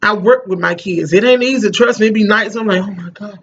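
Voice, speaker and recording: A woman's voice: mid-range voice, fairly quick, lo-fi sound, slight background noise. A middle-aged mother talking casually to the camera, emphatic and rambling, often repeating "you know what I'm saying.". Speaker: parent vlogger.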